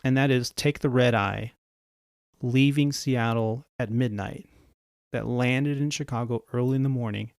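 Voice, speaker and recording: A man's voice: mid-range voice, fairly even intonation, measured pace, creaky, darkish tone, dry recording, studio quality. A man who hosts a podcast and flies for an airline, telling anecdotes in a conversational way and acting out the other people in his stories. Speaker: podcast host and airline pilot. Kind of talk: casual anecdotal storytelling.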